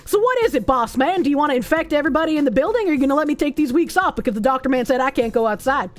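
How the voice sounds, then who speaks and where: Casual: woman doing a sassy southern-drawl worker bossing her boss around, pushy, high-pitched. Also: lively intonation, very fast. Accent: Southern US put on.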